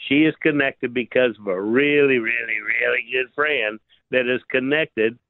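A man's voice: medium pitch, normal speed, no room sound. A man calling in to a radio show by phone, teasing and laughing as he chats. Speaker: caller. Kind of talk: joking call-in chat. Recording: phone line.

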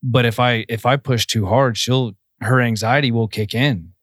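A reflective man chatting on a podcast, earnest and a bit self-deprecating. His voice sits at a middle pitch. The recording is dry and close-miked. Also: steady tone, moderate pace, a bit bright, dry recording. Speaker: podcast co-host. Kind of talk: casual podcast chat.

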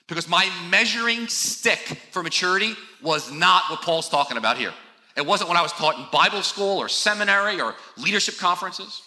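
Bright-voiced preacher man in an echoey hall. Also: fairly high pitch. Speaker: pastor. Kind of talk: sermon. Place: large church hall.

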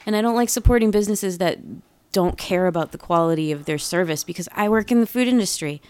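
A woman in casual chat, telling an animated story about a bad takeout order, swearing freely. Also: medium pitch, fast, smooth, no room sound. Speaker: podcast co-host; food industry worker.

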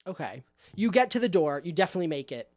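A man's voice: high voice, sing-song, fast, a little mellow, no room sound, studio quality. A man narrating a tabletop game as game master in a casual, chatty way.

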